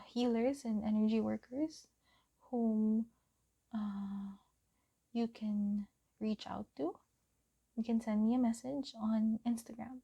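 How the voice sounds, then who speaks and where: A young woman from the Philippines giving a gentle pick-a-card tarot reading, often dropping to a whisper. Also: a little high, vocal fry, dull audio. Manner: gentle, soft-spoken, often drops to a whisper. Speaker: tarot reader.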